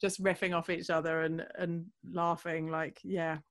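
A woman's voice: deep voice, flat delivery, moderate pace. A woman from England, a comedy voice actor, chatting casually in an interview, laughing often and filling her speech with ums. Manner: giggly, chatty, many fillers.

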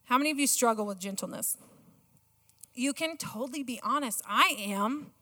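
A middle-aged woman giving a sermon with a personal story, excitable and self-mocking, laughing often. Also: fairly high pitch, normal speed. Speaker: church speaker. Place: church auditorium. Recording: long church hall reverb.

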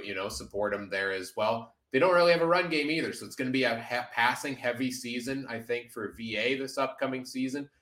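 A man's voice: lowish voice, fairly bright tone, reverberant, poor audio. A man hosting a casual sports podcast roundtable, analytical and steering the talk, with frequent "uh" fillers. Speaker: podcast host.

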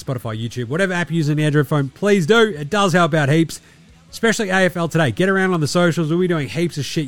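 A man's voice: on the high side, no room sound. A man with an Australian accent, hosting a podcast and signing off in a casual, crude way with laid-back Aussie slang. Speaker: podcast host. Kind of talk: casual show sign-off.

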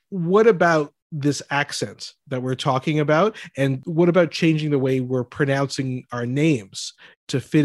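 A man co-hosts a podcast, laying out his points in a measured way and backing them with research. His voice sits a little high. The recording is dry, with no room echo. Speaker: podcast co-host. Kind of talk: casual podcast chat.

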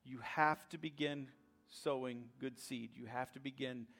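A man preaching a sermon as pastor, rising to loud emphatic passages with dramatic pauses. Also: medium pitch, fairly even intonation, soft background music.

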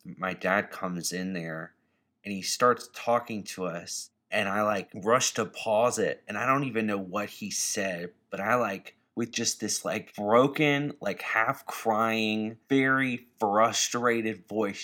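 A man on a podcast telling an animated personal story, swearing casually. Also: on the low side, takes it slowly.

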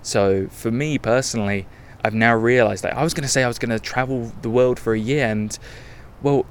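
A man's voice: mid-range voice, steady tone, brisk, smooth. A young man hosting a podcast, talking candidly in a rambling, self-correcting monologue. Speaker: podcast host. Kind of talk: casual travel podcast monologue.

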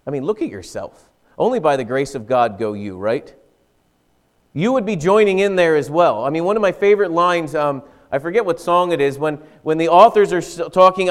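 Conversational male pastor, higher voice. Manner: conversational preaching with rhetorical questions and acted-out asides. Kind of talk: sermon.

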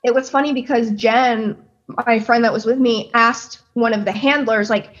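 A woman in her twenties from New Jersey, telling an excited story in casual chat, swearing freely and acting out quotes. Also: fairly high pitch, moderate pace, lo-fi sound. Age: 20s. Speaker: guest pastry chef.

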